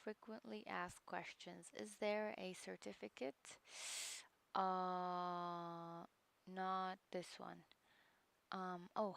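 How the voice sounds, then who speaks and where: A woman hosting a livestream course, reacting with soft murmurs and excited exclamations between her own casual remarks. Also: lowish voice, drawn-out words, vocal fry, smooth. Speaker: livestream host.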